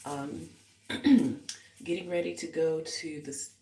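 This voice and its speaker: A woman's voice: sits low, fairly even intonation, takes it slowly, warm tone. Woman, casual vlog chat, rambling, reflective, echoey small bathroom, faint room hum. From United States. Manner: rambling and reflective, many fillers. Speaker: musician and vlogger. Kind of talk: casual live get-ready-with-me vlog. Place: small hotel bathroom indoors.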